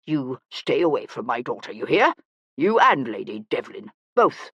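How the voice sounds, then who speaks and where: A man's voice: medium pitch, sing-song, normal speed, fairly bright tone, breathy edge, dry recording, highs cut off, voice pushed down, heavily acted. A narrator voicing Brownbeck, a stout, self-important older male banker who blusters and moralizes, in an audiobook. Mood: indignant. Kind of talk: audiobook character voice.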